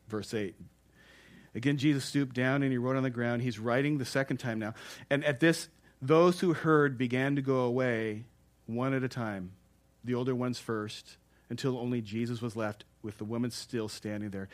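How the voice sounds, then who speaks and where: A middle-aged man, a pastor giving a sermon, telling stories in an animated way and chuckling between points. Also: mid-range voice, a little slow. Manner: animated storytelling, chuckling and exclaiming.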